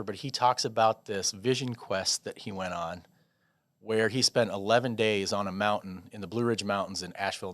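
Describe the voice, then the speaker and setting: A man's voice: lowish voice, dry recording. Chatty man telling a long story. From Des Moines, Iowa. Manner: rambling, animated storyteller with many restarts and laughs. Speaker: podcast guest. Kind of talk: casual storytelling interview.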